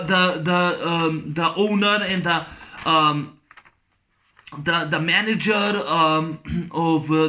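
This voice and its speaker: Bright, high-voiced man rambling through a review. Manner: rambling, halting, with many fillers and restarts; enthusiastic, laughing often while retelling scenes. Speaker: movie reviewer. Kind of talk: casual spoken film review.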